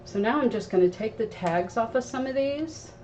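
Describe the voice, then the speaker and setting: A craft show host runs a live tutorial, chatting and instructing viewers as she works at her craft table. Her voice is on the high side, animated, moderately paced and darkish, recorded far from the mic, so the sound is dull with faint noise.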